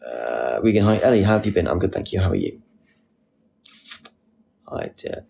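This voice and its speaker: A young man hosting a casual live stream, reading out comments with a playful, silly manner and sudden squeaky jokes. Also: huge pitch swings, moderate pace, gravelly, dark tone, lo-fi sound. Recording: faint background noise.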